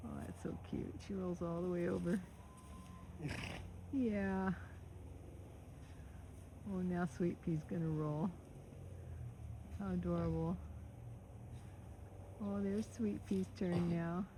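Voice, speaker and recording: A woman narrates a farm video in an unhurried, gravelly voice, slipping into soft baby-talk for her animals. She is recorded outdoors on a phone, with clear farm noise and animal sounds behind her. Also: fairly low pitch, steady tone. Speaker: farm vlogger. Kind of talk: casual narration while filming animals. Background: animal sounds and outdoor ambience.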